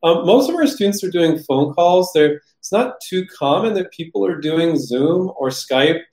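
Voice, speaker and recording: A man hosting a casual live Q&A on product licensing, talking animatedly and acting out the people he describes in quick voices. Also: fairly high pitch, expressive, darkish tone. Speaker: host answering viewer questions. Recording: roomy echo.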